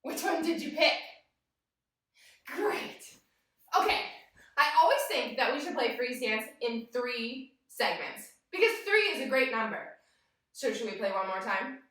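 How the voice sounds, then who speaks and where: A woman's voice: on the high side, sing-song, unhurried, fairly bright tone, distant mic. A young woman leading a yoga class for small children, cheerful and sing-song, talking straight to the kids. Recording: echoey room, voice from off the mic.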